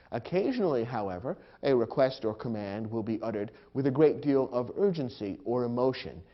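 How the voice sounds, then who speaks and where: A man giving a scripted grammar lesson, explaining in a measured way and acting out example sentences. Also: mid-range voice. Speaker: grammar instructor. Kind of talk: scripted instructional narration. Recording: dull lo-fi recording.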